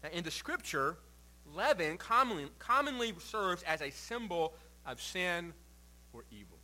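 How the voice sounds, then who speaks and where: A male pastor preaching a sermon, reading scripture aloud and then explaining it with swings between quiet and forceful emphasis. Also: high voice, very animated, measured pace, low-quality recording. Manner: reads scripture then preaches with shifting loud and soft emphasis.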